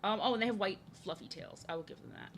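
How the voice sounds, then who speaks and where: A woman's voice: medium pitch, quick pace, fairly bright tone, slight background noise. A young American woman chatting and rambling casually to viewers while she draws. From United States. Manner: chatty, rambling, self-deprecating. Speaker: art streamer.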